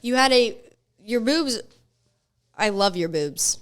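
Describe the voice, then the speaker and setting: A woman's voice: on the high side, animated, slow, fairly bright tone, clean tone. A young woman hosting a podcast in casual chat, blunt and swearing freely as she tells stories. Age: young adult. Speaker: podcast host.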